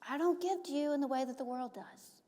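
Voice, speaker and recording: A woman pastor preaching a sermon, dropping to a hushed whisper on key phrases and rising to emphatic peaks. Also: high-pitched, brisk. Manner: emphatic, rising on stressed points. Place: church sanctuary. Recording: long church reverb.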